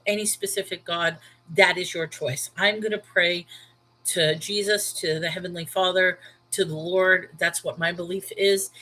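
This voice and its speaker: A woman's voice: lowish voice, sharp tone, a little hiss or hum, rough recording. A woman in her thirties from New York with a Brooklyn accent, hosting a casual Bible livestream and chatting candidly with viewers by name. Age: 30s. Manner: candid and emphatic. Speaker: livestream host.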